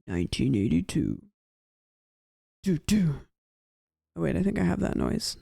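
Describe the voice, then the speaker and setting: A woman's voice: deep voice, very animated, unhurried, gravelly, dark tone, husky, no echo, studio quality. A woman live-streaming a game, chatting casually and reacting aloud as she plays. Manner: chatty, reacting and commenting aloud while playing. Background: game music.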